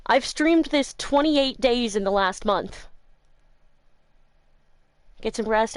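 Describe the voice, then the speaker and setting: A woman streamer with a slightly high, stuffy, congested voice, chatting loosely with her viewers from home. She swears freely and laughs a lot. The sound is dry and close on her mic. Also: animated, slow pace, long pauses, no room sound. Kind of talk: casual chat with live viewers. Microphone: new desk mic.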